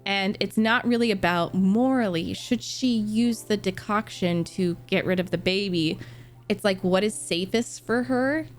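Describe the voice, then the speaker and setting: A young woman, a book streamer, chatting excitedly with viewers, swearing and laughing often. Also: medium pitch, a little slow. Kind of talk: casual chat with viewers. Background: faint music.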